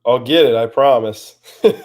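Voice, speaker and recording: A man's voice: mid-range voice, moderate pace, darkish tone. A man as a guest on a livestream, chatting casually and reading viewer comments, laughing often and joking.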